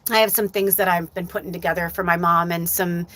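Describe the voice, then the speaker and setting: A woman's voice: fairly low pitch, steady tone, fairly quick, pushed and bright, a little hiss or hum. A middle-aged woman hosting a live stream as a medium, talking casually and from the heart, rambling with many fillers.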